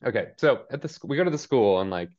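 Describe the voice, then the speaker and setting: A man's voice: medium pitch, animated, fast, darkish tone, muffled recording. A man co-hosting a podcast, casually recapping a TV episode in a rambling style and paraphrasing the characters with lots of "like". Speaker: podcast co-host.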